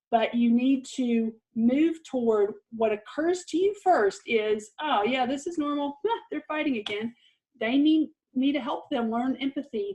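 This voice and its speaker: A woman's voice: a little high, warm tone, low-quality recording. A middle-aged woman giving an earnest, encouraging parenting lesson, with light laughs. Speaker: parenting course presenter.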